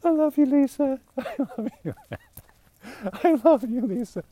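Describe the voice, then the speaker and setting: A man doing a squeaky, gushing lovestruck man. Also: lively intonation, measured pace, mellow, full character voice. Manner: giggling, breathless, falsetto.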